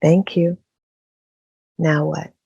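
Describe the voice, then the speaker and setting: A woman's voice: low-pitched, flat delivery, very slow, creaky, dark tone, husky, dry recording, highs cut off. An older woman, a podcast guest, telling her story with emphatic, repeated phrases. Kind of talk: casual interview storytelling.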